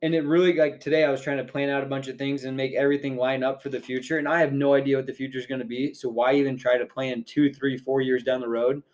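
Relaxed rambling male podcast host. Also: medium pitch, quick pace, hardly any pauses. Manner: relaxed, rambling storyteller with many fillers. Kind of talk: casual podcast chat.

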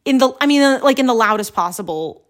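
A young woman co-hosting a podcast in casual chat, talking quickly with lots of fillers and frequent laughter. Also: a little high, animated. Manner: chatty, laughs often, many fillers. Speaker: podcast co-host.

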